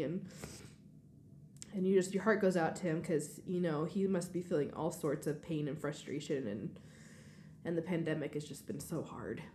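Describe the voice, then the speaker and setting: A woman who coaches figure skating talks in a heartfelt, reflective way, with a lowish, mellow voice. The room around her is echoey, and faint noise sits underneath. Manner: heartfelt, reflective, laughs often. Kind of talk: casual interview chat.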